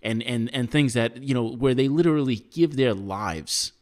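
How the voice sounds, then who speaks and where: A man's voice: mid-range voice, moderate pace. An American man co-hosting a podcast, giving earnest opinions in casual chat with frequent restarts. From United States. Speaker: podcast co-host.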